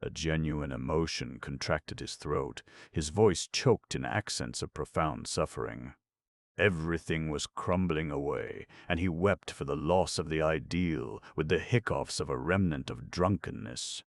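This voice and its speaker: Very deep, gravelly male narrator. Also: unhurried, dry recording, studio quality. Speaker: audiobook narrator. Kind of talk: scripted narration.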